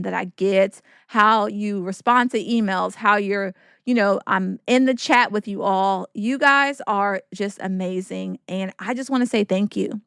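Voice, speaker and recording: A woman's voice: medium pitch, clean tone, no echo, studio quality. A woman hosting a faith-based podcast, talking in an earnest, encouraging way with preacherly repetition. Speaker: podcast host.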